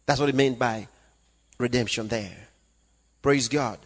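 A man's voice: medium pitch, a little slow. A man preaching a fervent sermon, breaking into praise between his points. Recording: long reverb of a hall.

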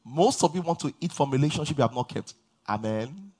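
High, lively pastor preaching. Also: male voice, fairly quick. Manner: emphatic preaching with call-and-response to the congregation. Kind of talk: sermon. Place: large church.

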